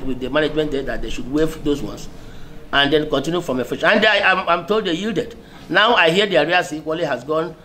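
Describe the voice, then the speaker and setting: Emphatic Nigerian man, high-pitched speaker. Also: fairly bright tone, slight background noise. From Abia State, Nigeria. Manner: emphatic, insistent, with repetitions and restarts. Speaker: senior lawyer and political speaker. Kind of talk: political speech to camera.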